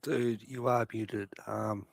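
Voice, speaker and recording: A man streaming live, telling a story in an excitable, profane way. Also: lowish voice, slow, creaky. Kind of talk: casual chat on a live stream.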